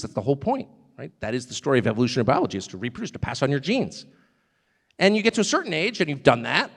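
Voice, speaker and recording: A man's voice: high voice, a bit bright, big-room sound. A man giving a live stage speech, emphatic and joking, often drifting off on digressions. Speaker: guest speaker at a live event.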